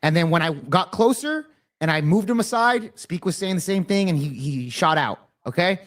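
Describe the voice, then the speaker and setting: A man moderates a heated debate, pleading for order and repeating himself to get a word in. His voice sits a little high for a man. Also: moderate pace. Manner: tries to calm others, repeats "hold on".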